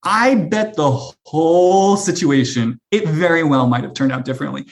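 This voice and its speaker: A woman's voice: deep voice, moderate pace. A woman hosting a podcast, talking in a reflective, analytical way and asking her guests for their views. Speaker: podcast host. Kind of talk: casual chat.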